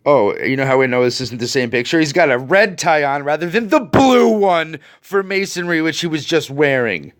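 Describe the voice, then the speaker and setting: A man's voice: fairly high pitch, lively intonation, normal speed, hardly any pauses. A man hosting a video, ranting to his viewers in an angry, profane and sarcastic way. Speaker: video host.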